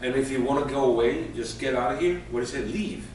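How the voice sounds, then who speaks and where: A man's voice: mid-range voice, fast, a little mellow. A man teaching a class, patiently explaining with everyday examples. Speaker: Hebrew teacher. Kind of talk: classroom lesson. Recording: echoey room from far off, faint noise.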